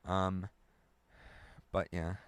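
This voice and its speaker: A young man hosts a relaxed live stream, reading out viewer comments and rambling between them with frequent laughs. His voice sits low. The sound is dry and close, with no room around it. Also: extremely slow, clean tone, no room sound. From United States. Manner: rambling, chatty, laughs often.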